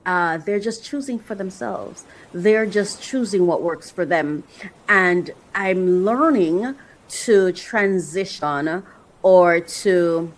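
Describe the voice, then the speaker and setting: A woman's voice: lowish voice, low-quality recording. Earnest, emotional woman podcaster. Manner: emotional, halting, many restarts and fillers; earnest, faith-filled. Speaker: podcast host and author. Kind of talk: reflective solo podcast monologue.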